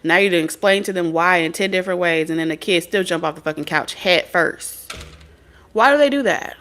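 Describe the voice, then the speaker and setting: This woman's voice sits on the low side and is fairly bright, and she talks briskly. A spirit medium, tarot reader and adult mother of several children, she delivers a casual, preachy monologue full of blunt, profane, streetwise storytelling.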